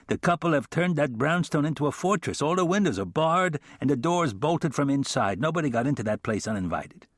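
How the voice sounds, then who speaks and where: A man's voice: a little high, expressive, fairly quick, few pauses, dry recording, clean studio sound, pitched above the performer's own voice. A man voicing a blunt, puzzled middle-aged cop in an audiobook. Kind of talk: audiobook character voice.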